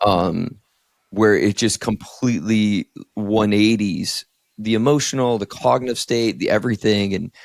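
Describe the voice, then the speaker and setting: Low gravelly-voiced man telling a personal story. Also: measured pace, no echo, studio quality. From Northeast Ohio. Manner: candid, heavy use of "like", emotional storytelling. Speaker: podcast co-host, therapist. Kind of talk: casual podcast conversation.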